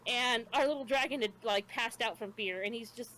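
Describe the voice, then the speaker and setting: A woman's voice: on the high side, brisk, sharp tone. A woman with children, co-hosting a podcast, chatting casually as she retells an anime episode, laughing often and tripping over names. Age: adult with children. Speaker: podcast co-host.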